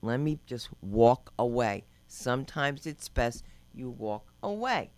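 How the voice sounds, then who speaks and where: A woman's voice: extremely low pitch, sing-song, takes it slowly, darkish tone, dry recording. An older woman doing open-mic stand-up, telling brash, rambling stories and acting out quotes. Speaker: stand-up comedian. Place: comedy club stage.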